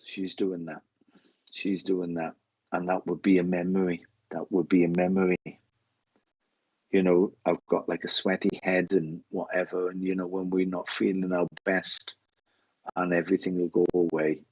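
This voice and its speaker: A man giving live psychic readings on a stream, talking haltingly, repeating phrases and getting emotional. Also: low voice, level tone, a little mellow, breathy edge, no room sound, dull audio. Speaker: psychic medium host.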